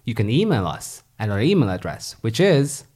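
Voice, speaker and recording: Casting: playful female podcast co-host with a lively, swinging delivery. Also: a bass voice, moderate pace. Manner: playful, jokey, lively intonation. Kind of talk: casual chat.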